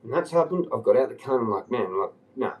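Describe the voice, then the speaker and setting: A man's voice: mid-range voice, animated, fast, rough recording. A man on a livestream telling a long rambling story, agitated and swearing often. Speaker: live streamer.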